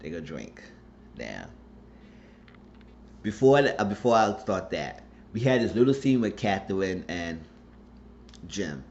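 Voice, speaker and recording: A man's voice: on the low side, big pitch swings, a little slow, gravelly, pauses often, a little mellow. A man casually recapping a TV episode, rambling through the scenes in colloquial speech. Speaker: TV show recap reviewer. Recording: dull lo-fi recording with faint noise.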